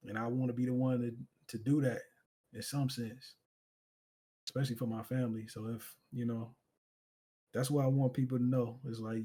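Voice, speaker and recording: An earnest man sits in as a guest on a streamer's talk show, his voice at an ordinary middle pitch. He speaks from the heart and thinks aloud, his sentences looping back on themselves with plenty of "you know" fillers. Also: little pitch movement, moderate pace, long pauses, warm tone, husky. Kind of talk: casual heartfelt conversation.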